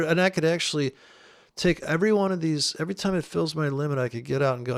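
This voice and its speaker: Older guy swearing and mocking his way through a forex rant, gravelly voice, kinda high. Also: fairly even intonation, fast talker. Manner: profane, scornful, mocking, rambling. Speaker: forex trading YouTuber. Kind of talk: ranting commentary over live trading.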